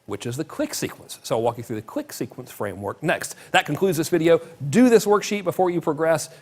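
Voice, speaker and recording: A middle-aged man teaching a marketing course in a casual, joking way, with plenty of emphasis. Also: mid-range voice. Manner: joking, lively, talks with emphasis.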